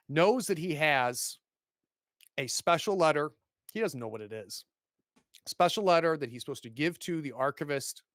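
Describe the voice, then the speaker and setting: A man narrating a tabletop game as game master, animated and laughing often. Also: a little high, no room sound, clean studio sound.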